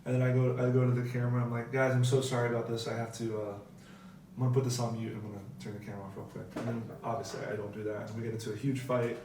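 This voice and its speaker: A man's voice: mid-range voice, level tone, racing. Young man, casual guest comedian, rambling and self-correcting, recorded from a distance in a very echoey room with faint background noise. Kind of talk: casual chat.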